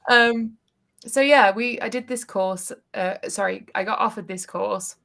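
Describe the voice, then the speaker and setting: A woman's voice: mid-range voice, unhurried, gravelly, a bit bright. A British woman, a podcast interview guest, telling her story animatedly and acting out the quotes. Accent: British English. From England.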